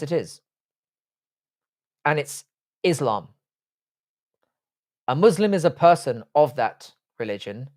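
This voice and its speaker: A man's voice: mid-range voice, a little mellow. A man from Cork, hosting a livestream, reading viewer questions and answering them bluntly, with lots of swearing. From Cork, Ireland. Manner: blunt and heavily profane, shifting between jokes and asides. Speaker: livestream host.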